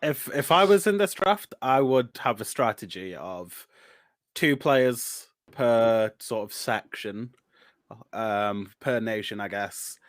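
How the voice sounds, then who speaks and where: A man's voice: mid-range voice, animated, slow pace, dry recording. A man on a panel chatting casually, a little hesitant and trailing off. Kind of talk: casual chat.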